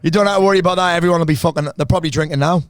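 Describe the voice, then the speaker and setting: A man's voice: on the high side, steady tone, clear, resonant tone, no room sound. A man, hosting a podcast in casual banter, joking and swearing freely. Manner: swearing, joking, fast chatter. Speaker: podcast host.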